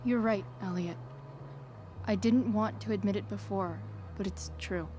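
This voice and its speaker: A woman's voice: mid-range voice, a little slow, dark tone, faint music behind, lightly acted. An actress playing a defiant, sarcastic rebellious teenage girl in a video game, wry and guarded.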